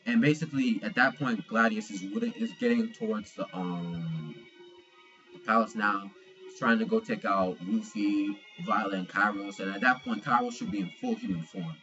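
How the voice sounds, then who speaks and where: A man's voice: fairly low pitch, normal speed, bright, forceful tone, dull audio, faint music behind. A young man giving a casual manga chapter review, slangy and profane, retelling scenes with animation.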